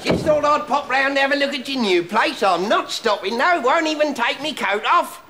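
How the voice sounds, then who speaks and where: A man's voice: very high voice, animated, moderate pace, slight background noise, exaggerated voice. An actor playing an interfering older father who fussily corrects everything, in a TV comedy sketch. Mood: nagging. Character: interfering older London dad, know-it-all nag. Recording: TV sketch with loud studio audience laughter.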